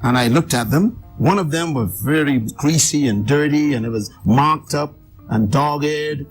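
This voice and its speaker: A man's voice: on the high side, measured pace, soft background music. Emphatic man telling a story. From Bahamas. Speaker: guest speaker and author. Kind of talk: personal storytelling in an interview.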